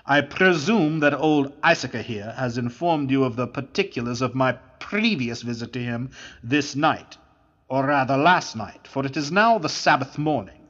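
Brief: man voicing a veteran bandit captain, calm and measured, muffled audiobook. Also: medium pitch. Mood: cool. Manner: cool, deliberate. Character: seasoned male bandit chief, cool and deliberate.

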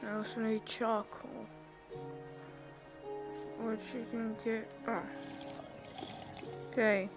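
Over game music, a young woman gamer with a slightly high, fairly monotone voice speaks slowly with long pauses. She gives chatty commentary as she plays, thinking aloud and breaking into laughs and squeals.

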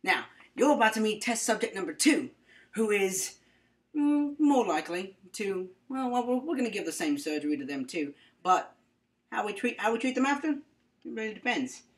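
A woman's voice: mid-range voice, sing-song, normal speed. A young woman presenting a comedic mock-science skit, rambling and mock-serious with playful asides. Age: young adult.

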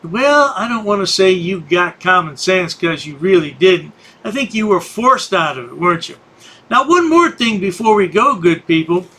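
A man's voice: sits high, lively intonation, normal speed, pushed and bright. A man hosting a commentary channel, mocking the people in the clips he plays with sarcastic remarks. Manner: sneering, sarcastic.

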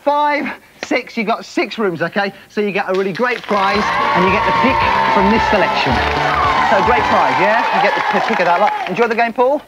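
A man hosting a game show, chatty and excitable, urging contestants on. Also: high-pitched, a little fast, rough recording. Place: TV studio set. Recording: loud music and cheering crowd behind.

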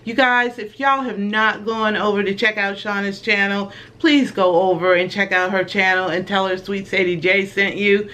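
A woman's voice: mid-range voice, pushed and bright. An older woman, chatting in a casual haul vlog, affectionate and easily moved. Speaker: vlogger.

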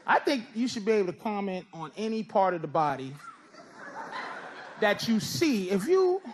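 A middle-aged man doing stand-up comedy and teasing people in the crowd, with loose, drawn-out delivery. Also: sits high, big pitch swings. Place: comedy club stage with a laughing audience. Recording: live stage recording with crowd and noise. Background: audience laughter.

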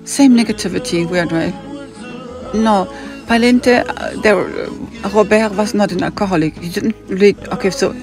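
A woman with a German accent and a gravelly, fry-laced voice tells a long, rambling story. She wanders off on tangents and keeps jumping into other people's voices to act out their lines. Faint music sits under her talk. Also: medium pitch, brisk, few pauses. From Hamburg, Germany.

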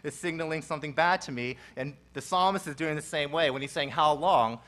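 In a fairly high, fairly quick voice, a male pastor works through an expository sermon at church. When he repeats phrases his volume swells, after which he drops to a soft, talky teaching tone.

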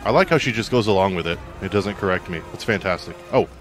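A man's voice: low-pitched, animated, quick pace. A man streaming a video game, chatting casually, joking and reading out viewer messages as he plays. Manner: joking, chatty, reacts aloud to the game and reads out chat. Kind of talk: casual gameplay commentary. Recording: game music playing underneath.

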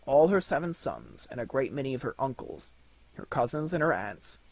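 A male audiobook narrator reads a fairy tale with an animated, rising and falling delivery. His voice is husky and a little breathy. The sound is dry and close, with no room around it. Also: mid-range voice, dry recording. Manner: expressive, lively storytelling. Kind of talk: storybook narration.

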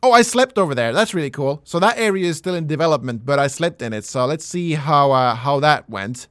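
Lively, high-pitched gamer man, dry mic. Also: brisk, few pauses, no echo. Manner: animated, jokey, mock-pleading begging, casual swearing. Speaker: gaming channel host. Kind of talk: let's play commentary.

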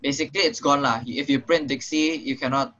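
Singaporean man tutoring, bright lo-fi voice. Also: medium pitch, steady tone, fairly quick. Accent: Singaporean English. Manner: casual, filler-heavy explaining, checks understanding with "right?". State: slightly out of breath. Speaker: programming tutor. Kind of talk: online tutorial lesson. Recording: muffled lo-fi online call audio.

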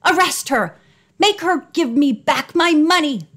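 A woman's voice: expressive, measured pace, a bit bright. A woman reading an audiobook voices a red-faced, furious woman who shrieks accusations of theft. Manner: shrieking, shrill.

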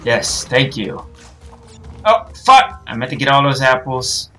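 A young woman playing a video game and commenting, cursing and yelling at the screen in frustration. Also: extremely low pitch, flat delivery, normal speed, soft background music. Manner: frustrated, swears a lot, yells at the game. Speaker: gaming channel host. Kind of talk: let's play commentary.

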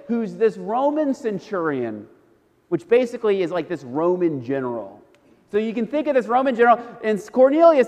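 Pastor, male, high voice, casual storytelling sermon, echoing church. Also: darkish tone. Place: church sanctuary. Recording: church hall reverb.

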